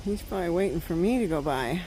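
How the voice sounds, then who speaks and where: A woman's voice: fairly low pitch, expressive, fast, mellow, a little hiss or hum. A woman from California telling a story in a rambling, chatty vlog on an outdoor trail, laughing often as she talks. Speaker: travel vlogger.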